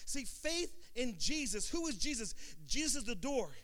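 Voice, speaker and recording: A man preaching a sermon, telling a story in a calm low voice and then building up to sing-song shouted climaxes. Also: normal speed. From Sacramento area.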